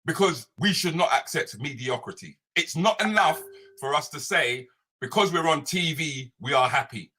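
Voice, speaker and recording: Ranting alone on a live show he streams online from home, a British comedian and social commentator keeps repeating himself and asking "yeah?" and "right?" His male voice is fairly high with lively intonation, a moderate pace, and a sharp, slightly rough tone.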